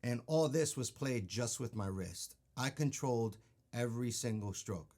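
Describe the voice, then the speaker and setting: A man with a mid-range voice and moderate pace teaches drum technique in an instructional demonstration. He explains patiently, counts beats aloud, and often checks in with "okay?" while loud drumming and stick clicks sound behind him.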